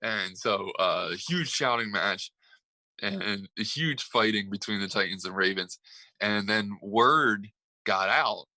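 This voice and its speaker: A man co-hosts a casual sports chat, telling his stories in a loose, rambling way full of "uh" and "like." His voice sits fairly low but comes across bright and forceful. The sound is dry and close, with no room around it. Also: slow pace, no room sound, low-quality recording. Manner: rambling, laughing storyteller with many fillers. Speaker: sports podcast co-host.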